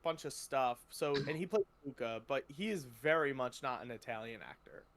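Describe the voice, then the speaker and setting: A man's voice: mid-range voice, normal speed, fairly bright tone. A young man co-hosting a podcast, telling stories in casual chat with many fillers. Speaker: podcast co-host.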